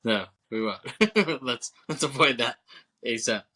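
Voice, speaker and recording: Bright-voiced laughing podcast man. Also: medium pitch, measured pace. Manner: laughs often, swears, acts out movie scenes. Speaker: podcast co-host. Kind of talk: casual movie podcast chat.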